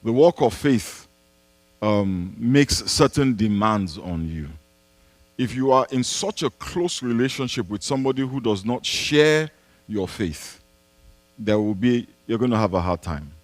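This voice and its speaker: Emphatic pastor, lively pitch. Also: male voice, a little slow, no room sound. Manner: animated, emphatic preaching with repetition and rhetorical questions. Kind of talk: sermon-style Q&A answer. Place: church.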